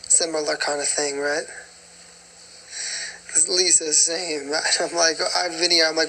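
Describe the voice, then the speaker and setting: A man's voice: a little high, flat delivery, measured pace, long pauses, bright, forceful tone, a little hiss or hum, low-quality recording. A man from Staten Island, New York chatting casually with viewers on a livestream, sleepy and yawning, laughing often. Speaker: singer hosting a livestream.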